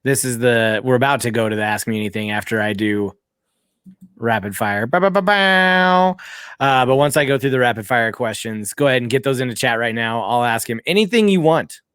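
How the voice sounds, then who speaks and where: An upbeat man hosting a casual podcast interview, quick to laugh between questions. His voice sits at an ordinary middle pitch. The sound is close and dry, with no room around it. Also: fairly bright tone, smooth, dry recording. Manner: upbeat, laughs often, reads sponsor plugs. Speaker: podcast host.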